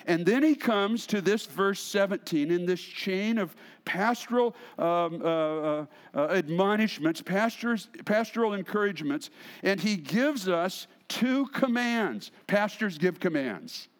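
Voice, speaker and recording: Male pastor, high voice, expressive sermon delivery with emphatic and hushed turns. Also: unhurried. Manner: expressive preaching, swings between emphatic and hushed.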